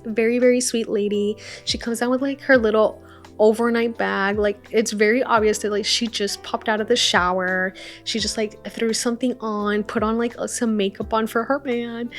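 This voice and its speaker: A young woman with a slightly high voice tells a travel story in a loose, chatty way, full of fillers and quick asides. Soft lo-fi music plays quietly under her voice. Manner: chatty, animated retelling with lots of fillers. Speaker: travel vlogger. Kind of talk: casual storytime.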